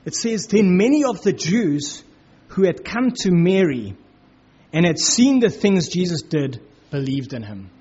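Speaking unhurriedly in a high, sing-song voice that is husky and somewhat dark in tone, a male preacher gives a casual Bible talk. He leans on "you know, like" and dramatizes the quotes, all on a dull lo-fi recording.

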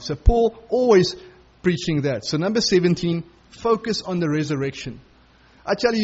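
A man preaching a sermon as pastor, emphatic, his voice climbing higher when he urges his listeners. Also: a little mellow, slightly rough, dull audio. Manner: emphatic, rising to a higher pitch when urging.

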